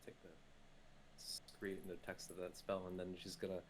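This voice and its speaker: A man's voice: deep voice, completely flat delivery, normal speed, a little hiss or hum. A man playing a tabletop game, describing his character's actions in a rambling way, full of likes and uhs. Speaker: player.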